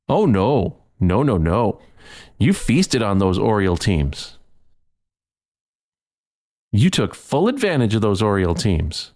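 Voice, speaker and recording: A man's voice: fairly low pitch, very animated, a little slow, long pauses, a little mellow. Heated man ranting on a sports podcast. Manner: heated, repetitive, stumbling over words. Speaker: podcast host.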